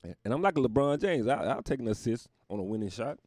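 A man's voice: mid-range voice, expressive, fast talker, a little mellow, dry recording, clean studio sound. A male comedian delivering a profane, rambling casual podcast monologue.

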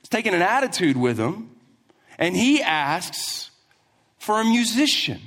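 A man preaching a sermon, telling a Bible story with lively asides and acting out the characters. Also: high voice, a little slow. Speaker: pastor. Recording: long hall reverb.

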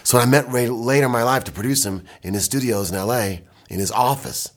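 An older man from Michigan, a music producer, telling animated stories in casual talk from his recording studio. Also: medium pitch. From Michigan, USA. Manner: animated anecdotes, quick bursts, mimics and scats.

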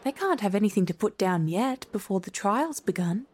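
A woman's voice: mid-range voice, animated, moderate pace, a little mellow, slightly rough. Young storybook girl, read by a woman in her own voice; curious and outspoken. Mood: whispering.

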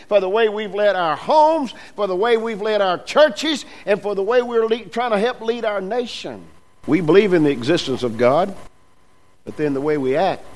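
A man's voice: high-pitched, poor audio. A male preacher delivering a sermon, with emphatic repetitions and emphasis that rises and falls.

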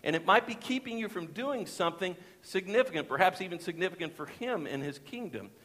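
A man preaching a sermon in a church, earnest and building to emphatic peaks, slowing down to quote scripture. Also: sits high, expressive, fairly bright tone. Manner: earnest, rises in intensity on emphatic phrases, slows for quotes. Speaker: pastor. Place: church sanctuary. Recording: long reverb of a church hall.

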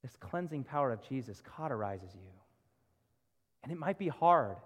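In a church sanctuary with reverberant hall acoustics, a male pastor preaches a sermon in a very animated mid-range voice at normal speed, the highs cut off. He is earnest, pleading with his congregation through rhetorical questions.

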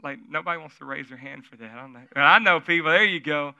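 A man's voice: a little high, quick pace, creaky, bright, forceful tone, clear, resonant tone, dry recording. A man preaching a sermon at a church service, telling stories in a conversational way and asking the audience questions. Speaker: pastor.

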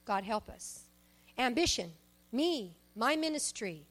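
A woman preaching a sermon, emphatic, shifting between loud exhortation and soft asides and personal stories. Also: high voice, expressive, a little slow. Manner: tells personal stories, acts out quoted speech.

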